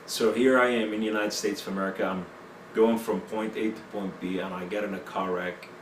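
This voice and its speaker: This interview guest, a man, recounts his personal story in broken English packed with fillers. His voice is low-sided and steady, fairly quick, picked up by a distant mic in an echoey room with slight background noise.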